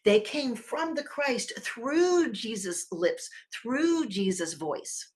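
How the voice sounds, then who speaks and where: A woman minister giving a sermon in a conversational, expressive way, swelling and dropping her volume and leading the congregation in repeating words together. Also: a little high, slow. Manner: expressive with sudden swells and drops in loudness.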